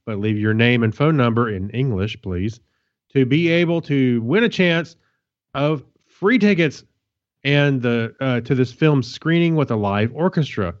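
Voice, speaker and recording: A man's voice: medium pitch, a little slow, highs cut off. A man co-hosting a casual podcast, reading a news item with playful asides. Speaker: podcast co-host.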